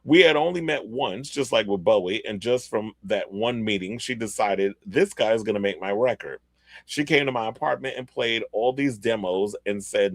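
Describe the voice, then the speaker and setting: A man with a lowish voice, hosting a pop-culture podcast in a loose, chatty way. He reads excerpts aloud and drops in casual asides. The sound is close and dry, with no room around it. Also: moderate pace, no echo. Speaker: podcast host.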